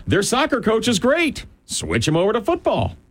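A man's voice: sits high, huge pitch swings, normal speed. A man from the American Midwest co-hosting a sports radio show, chiming in with short dry quips. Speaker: radio co-host. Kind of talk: casual sports radio banter.

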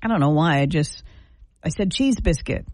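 Laughing woman radio host, lively pitch. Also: moderate pace, no echo, soft background music. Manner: laughs often, chatty. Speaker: radio morning show host. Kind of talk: casual radio banter.

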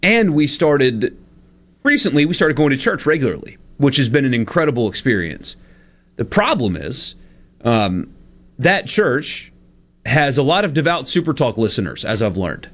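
Guy on a talk radio show, lively up and down voice, self-deprecating and easygoing. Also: medium pitch, moderate pace. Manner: chatty, self-deprecating, laughs often.

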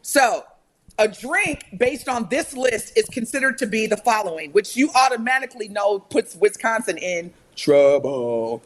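Woman radio co-host from Indiana, animated and playful, casual chat. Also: fairly high pitch, unhurried. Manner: animated, laughing, reading a list aloud.

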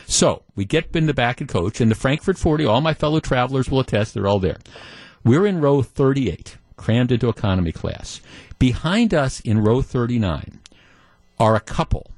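A middle-aged man hosts a talk radio show and tells a story with mock exasperation. His pitch rises and falls a lot as he talks. The studio mic sounds close and dry, with no room echo. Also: lively intonation, normal speed, darkish tone. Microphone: studio microphone.

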